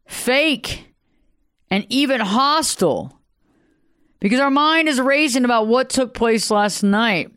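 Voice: mid-range voice, smooth, dry recording, clean studio sound. A motivational speaker giving a conversational talk, asking the listener questions and acting out everyday greetings. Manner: acts out greetings in varied voices.

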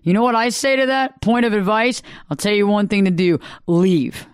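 A man's voice: high-pitched, moderate pace, clean tone, dry recording, clean studio sound. Emphatic man hosting a live advice show. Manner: emphatic, preachy, repeats phrases for effect. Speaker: radio talk show host. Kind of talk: live radio advice talk.

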